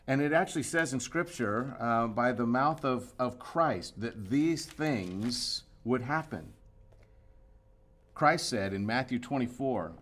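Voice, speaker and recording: A male pastor preaching a sermon, moving from loud emphasis to hushed, quiet passages. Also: medium pitch, slow pace. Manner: expressive preaching, swinging between loud emphasis and hushed asides.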